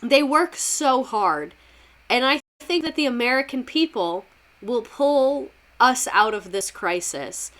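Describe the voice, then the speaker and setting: A woman's voice: sits high, animated, slow pace, a bit bright, exaggerated voice. Woman doing a breezy, smug old president. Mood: mock-cheerful. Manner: breezy, dismissive, mock-cheerful. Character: careless smug male president, older man.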